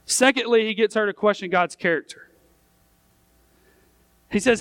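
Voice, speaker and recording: Pastor, male, very high voice, smooth tone, emphatic sermon delivery, dry close sound. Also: normal speed, long pauses, a bit bright, no echo. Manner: emphatic preaching, reads scripture aloud, voices the questioning crowd.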